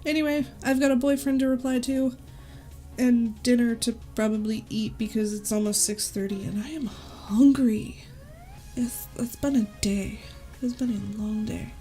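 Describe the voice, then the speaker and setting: A woman's voice: fairly high pitch, steady tone, moderate pace, dark tone. A woman talking casually to her viewers in a channel update, chatty, apologetic and easily sidetracked. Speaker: YouTuber giving a channel update. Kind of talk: casual chat to camera. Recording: faint music behind. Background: faint background music.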